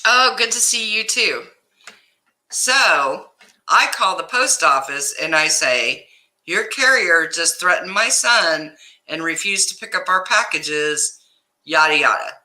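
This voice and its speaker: Bright-voiced woman venting on a livestream. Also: lowish voice, takes it slowly, rough recording. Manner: animated storytelling, greets viewers by name. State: upset, stressed. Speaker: livestream host. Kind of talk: casual livestream chat.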